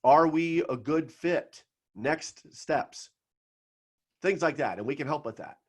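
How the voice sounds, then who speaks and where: A middle-aged man from South Florida coaching financial advisors in a seminar talk, telling stories with emphatic pauses. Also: on the high side.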